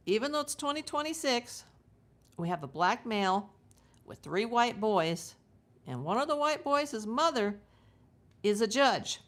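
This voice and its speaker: A woman from the United States hosting a true crime livestream, chatting casually and drifting into side stories as she talks to her viewers. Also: mid-range voice. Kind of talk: live casual commentary.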